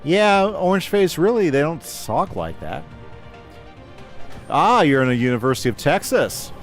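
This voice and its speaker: Man, gaming streamer, casual and relaxed, animated pitch, answers chat between moves. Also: moderate pace, faint music behind. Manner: relaxed, reads chat aloud and replies, talks through his moves. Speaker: gaming livestreamer.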